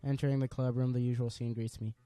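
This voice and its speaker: A man's voice: mid-range voice, flat delivery, quick pace, warm tone, dry recording, soft background music. A casual man reading a game aloud. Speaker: let's-play gamer. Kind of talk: reading a visual novel aloud.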